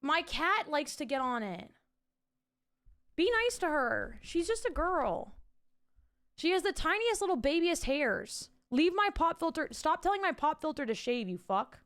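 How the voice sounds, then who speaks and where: A woman's voice: high-pitched, big pitch swings, a little slow, fairly bright tone. A young woman streaming from home, chatting casually with her viewers, reading chat aloud and swearing freely into a desk mic with a pop filter.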